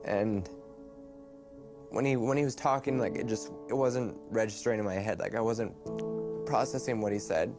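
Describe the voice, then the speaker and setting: A young man in a documentary interview, recalling a loss in a halting, quiet way. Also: on the low side, over music. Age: young adult. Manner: halting, quiet, grief-stricken recollection.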